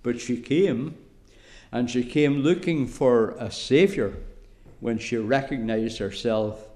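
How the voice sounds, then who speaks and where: A man with an Irish accent preaching a sermon slowly and deliberately, with emphatic pauses. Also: medium pitch, darkish tone.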